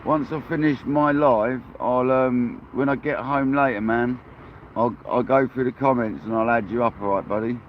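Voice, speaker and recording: A man's voice: mid-range voice, fairly even intonation, moderate pace, phone-quality sound, slight background noise. An English man hosting a fishing livestream from outdoors, chatting casually with viewers and calling them mate and buddy. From England. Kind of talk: casual live-stream chat to viewers. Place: outdoors on a kayak at the coast.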